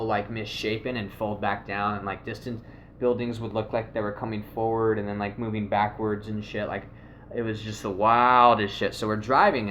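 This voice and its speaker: Low-voiced man telling a rambling story. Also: slight background noise. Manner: rambling, animated, swears a lot, acts out quotes. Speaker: video host. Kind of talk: casual storytelling.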